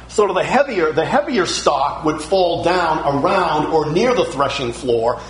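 A man's voice: a little high, a little hiss or hum, rough recording. A middle-aged man preaching a sermon, emphatic and building through repeated phrases.

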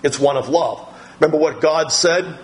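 A middle-aged pastor preaching a sermon, teaching from the Bible in a slow, deliberate way with pauses and fillers. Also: male voice, fairly high pitch, low-quality recording.

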